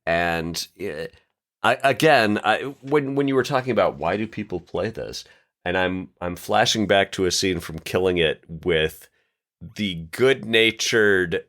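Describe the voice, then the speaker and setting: A man co-hosting a role-playing podcast in casual chat, playful and quick with jokes. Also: low voice, animated, a bit bright. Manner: playful, quips and puts on voices. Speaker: podcast co-host.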